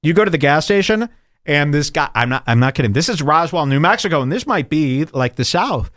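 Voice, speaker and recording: A man's voice: on the high side, animated, fairly quick, fairly bright tone, no room sound, studio quality. A man hosting a podcast, telling rambling, sarcastic stories in a casual comedic chat. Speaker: podcast host.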